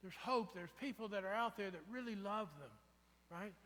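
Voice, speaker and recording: A man's voice: sits high, normal speed, a bit bright. A man preaching a sermon in a conversational way, often asking the congregation "right?". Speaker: pastor. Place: church sanctuary. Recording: reverberant church sanctuary.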